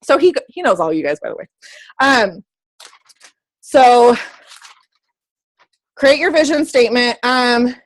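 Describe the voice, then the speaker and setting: A bubbly woman coach talks casually to her team, with a fairly high voice and a chatty, excitable delivery. She often stops to correct herself mid-sentence. The sound is dry and close, with no room echo. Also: slow pace, pauses often. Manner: excitable, squeals when happy. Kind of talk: casual motivational talk to a team.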